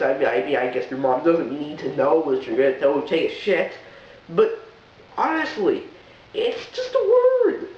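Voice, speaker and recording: High, lively man ranting in an echoey room. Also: a little hiss or hum. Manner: animated, exasperated ranting with mock voices. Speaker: vlog host. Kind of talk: comic rant to camera. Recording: echoey room, distant lo-fi mic.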